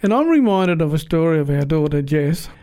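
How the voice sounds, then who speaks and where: A man's voice: on the high side, very animated, a little fast, mellow. A middle-aged man telling a homely family story in a casual, rambling way, often restarting his sentences. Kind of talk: casual spoken anecdote.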